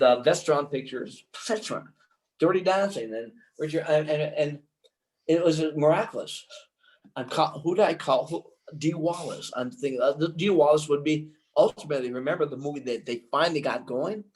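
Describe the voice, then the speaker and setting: An older man, a filmmaker appearing as an interview guest, tells a long anecdote in an excitable, rambling way, restarting often. His pitch is fairly high, and the audio quality is poor.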